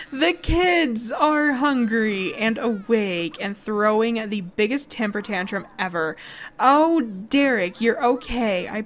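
A young woman chatting bubbly through a life-sim game as a let's play host, laughing and exclaiming often. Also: on the high side. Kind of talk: casual gameplay commentary.

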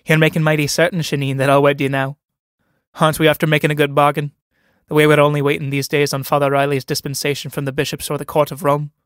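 A man reading a play aloud, voicing a sharp-tongued young woman who teases and scolds with impatient scorn. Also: fairly high pitch, flat delivery, fast, smooth, dry recording, clean studio sound, close to an everyday voice. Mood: scornful teasing.

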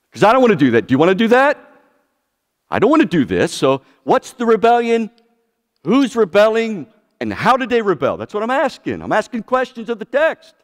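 A man's voice: mid-range voice, big-room sound. A man preaching a sermon as pastor, questioning his congregation often. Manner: asks the congregation many questions.

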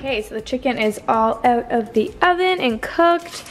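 A woman's voice: on the high side, lively intonation, normal speed, loud music behind the voice. Bubbly chatty young woman vlogger. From Canada. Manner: chatty, bubbly, laughs often. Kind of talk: casual day-in-the-life vlog. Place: home, indoors.

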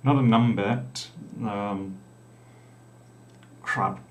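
A middle-aged Australian man, originally from South Australia, talks very slowly in a fairly low voice while live coding on stream. He rambles casually and throws in jokes. A distant mic records him in a small room with a door that echoes.

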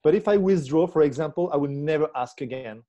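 A man's voice: on the high side, fast, warm tone, highs cut off. A man, a relationship coach, explaining his ideas reflectively in an interview and checking in with the listener as he goes. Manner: reflective, checks in with tag questions.

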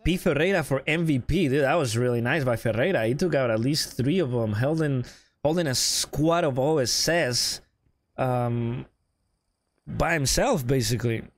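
A man's voice: medium pitch, moderate pace. A man casually commenting on a game match for a stream, chatty and joking with viewers. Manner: chatty, greets viewers, jokey.

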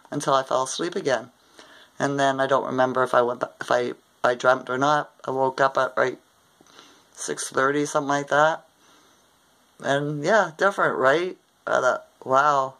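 A woman's voice: rumbling low, steady tone, moderate pace, a bit bright, rough recording. An older woman from Ontario, Canada, casually recounting a dream in a rambling way and often tagging her sentences with "right?". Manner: rambling, often adds "right?" tag questions. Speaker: vlogger.

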